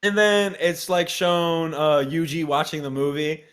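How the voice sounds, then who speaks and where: A man recapping anime episodes with a co-host in a loose, chatty way. His voice is bright and forceful and sits a little high, and he throws himself into retelling scenes. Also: a little slow, clean tone. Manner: animated, acts out character lines in a high shouting voice. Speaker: podcast co-host. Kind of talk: casual recap chat.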